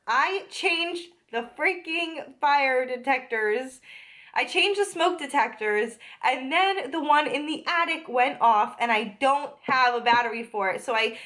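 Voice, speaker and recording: A woman's voice: sits high, fairly bright tone. A young woman telling a story in a casual vlog, chatty with lots of fillers, a little out of breath from a cold. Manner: chatty, many filler "like"s, indignant retelling. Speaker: vlogger.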